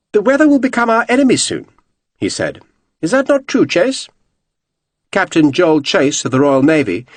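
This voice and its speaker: A man reading a historical novel aloud as audiobook narration, measured and expressive. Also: fairly high pitch, dry recording.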